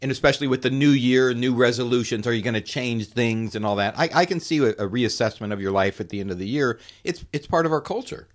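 A man's voice: medium pitch, fast, few pauses. A middle-aged man co-hosting a casual podcast chat, joking and giving his opinions while eating. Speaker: podcast co-host.

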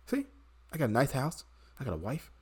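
A man's voice: medium pitch, wildly swooping pitch, a little fast, very noisy. A man putting on a sarcastic voice of a smug, wealthy male free-market cheerleader. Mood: mocking smug. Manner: sarcastic, mocking. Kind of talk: satirical impression in podcast chat.

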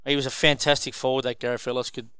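A man's voice: mid-range voice, little pitch movement, quick pace, bright, forceful tone, clear, resonant tone, no room sound. An Australian man hosting a casual rugby league chat, upbeat and steering the talk, often addressing his panel as boys. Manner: upbeat, keeps calling the panel 'boys'. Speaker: host.

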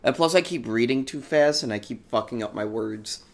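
A man's voice: mid-range voice, moderate pace. A man co-hosting a comedy show who reads fan fiction aloud, stumbles over words and swears often. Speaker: podcast co-host reading fan fiction. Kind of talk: casual comedic reading.

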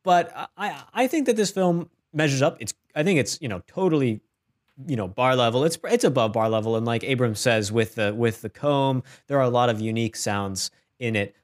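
A male podcast host chatting about movies in a lively, sing-song voice that rises and falls a lot. He stumbles over his words and restarts often, but stays playful and loose. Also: mid-range voice, fairly quick. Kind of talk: casual film-review chat.

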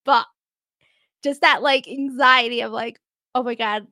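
A woman's voice: fairly high pitch, steady tone, a little slow, pushed and bright, dry recording, clean studio sound. A woman co-hosting a podcast in casual chat, laughing often and saying "like" a lot. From United States. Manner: giggly, says "like" often. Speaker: podcast co-host.

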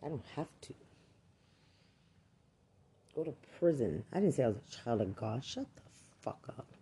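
A man's voice: medium pitch, animated, moderate pace, dark tone, slightly rough. A man and army veteran delivering an angry, accusatory rant full of swearing. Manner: furious, accusatory, swears constantly.

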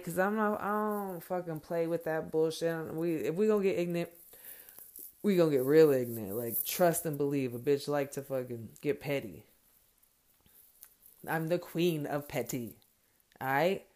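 A middle-aged woman, a mother, ranting in a casual and angry way, swearing often and breaking into loud bursts. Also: low-pitched. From Mexican heritage, raised in America. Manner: profane, heated, confrontational, with sudden loud bursts. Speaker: parent speaking her mind.

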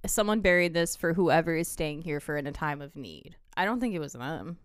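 A woman's voice: low voice, expressive, a little fast, smooth. A woman co-hosting a casual film review chat, chiming in with short remarks and agreement. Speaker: podcast co-host.

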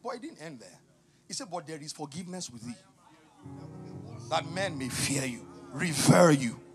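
High-voiced passionate male preacher. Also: very animated, normal speed, over music. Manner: swings from quiet teaching to loud shouted emphasis. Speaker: pastor. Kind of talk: sermon.

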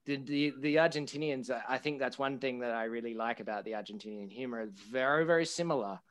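An Australian man hosting a relaxed podcast interview in a mid-range voice. His humor is dry and sarcastic, and he laughs easily between questions. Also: medium pitch, fast. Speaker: podcast host. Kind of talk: casual interview.

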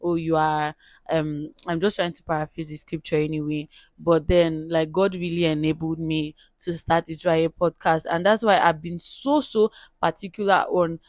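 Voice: mid-range voice, little pitch movement, normal speed, no room sound. A podcast host with a Nigerian accent, earnestly talking through a solo faith episode and often repeating words mid-thought.

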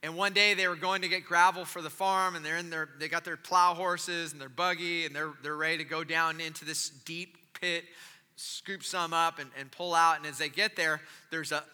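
A man preaching a sermon as he tells a story, animated and then softly gentle. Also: on the high side, normal speed, clean tone, big-room sound. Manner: animated, drops to soft gentle tones. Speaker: pastor.

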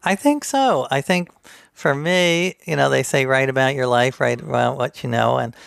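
A man's voice: medium pitch, normal speed, gravelly, a bit bright, smooth, no room sound, studio quality. A middle-aged man, an author and guest on a podcast, telling self-deprecating stories with loose fillers. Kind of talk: storytelling in a podcast interview.

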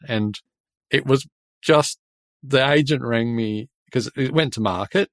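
A man's voice: lowish voice, no echo. An Australian man hosting a podcast, telling stories in a chatty way and laughing often. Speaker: podcast host and builder. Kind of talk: casual podcast chat.

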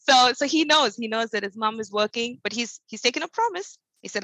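A woman's voice: a little high, a little fast, few pauses, bright, forceful tone, dry recording, poor audio. A woman talking earnestly as a podcast guest, an encouraging motivational trainer who speaks emphatically and often adds "you know" and "right?". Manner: faith-centered encouraging tone. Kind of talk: podcast interview answer.

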